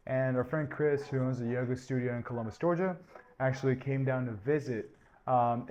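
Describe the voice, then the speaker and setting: A man's voice: mid-range voice, darkish tone. A man hosting a podcast and chatting casually through an intro, rambling a bit with frequent fillers. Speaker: podcast host. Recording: slightly muffled with faint hiss.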